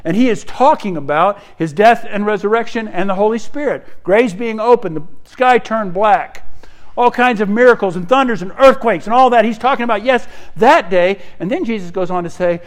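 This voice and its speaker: Animated man preaching a sermon. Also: high voice, moderate pace. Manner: animated, acts out biblical quotes in voices, repeats words when thinking.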